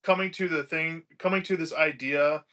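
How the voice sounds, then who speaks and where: A man co-hosting a casual podcast review, talking in an animated way with lots of fillers and laughs. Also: a little high, moderate pace. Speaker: podcast co-host. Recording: dull lo-fi sound.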